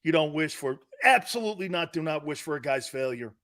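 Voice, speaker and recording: A man hosting a sports talk show, ranting loosely and acting out his own stories with brash, animated energy. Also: fairly high pitch, brisk. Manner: brash, animated storyteller, acts out dialogue. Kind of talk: loose sports radio rant.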